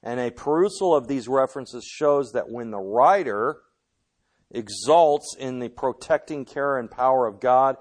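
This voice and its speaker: A man teaching a Bible study lesson in a classroom with a board, speaking in a measured way and often pausing with filler sounds. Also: mid-range voice, lively intonation.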